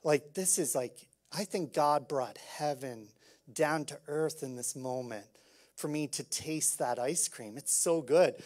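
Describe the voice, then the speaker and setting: Male pastor mid-sermon, chatty but fervent, drops to a hush then surges loud, leans on "like". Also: on the high side, measured pace. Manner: conversational, fervent, many "like" fillers, swinging from hushed to loud.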